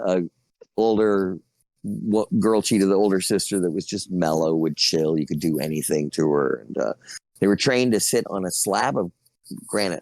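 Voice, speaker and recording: Middle-aged male guest, low-pitched storyteller who drifts off topic, dry close recording. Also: darkish tone, no echo. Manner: rambling storyteller, laughs between stories. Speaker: guest actor. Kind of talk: casual podcast anecdotes.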